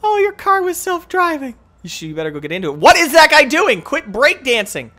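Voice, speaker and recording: Trash-talking the other players, a young man running a gaming channel delivers excitable live commentary that shifts from muttering to yelling. His voice is very high-pitched and he talks a little fast.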